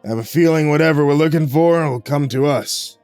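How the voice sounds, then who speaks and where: A man voicing a grim, hard-bitten frontier monster hunter who barks gruff commands and curses. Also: a little high, fairly quick, a little mellow, no echo, faint music behind, close to an everyday voice. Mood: terse.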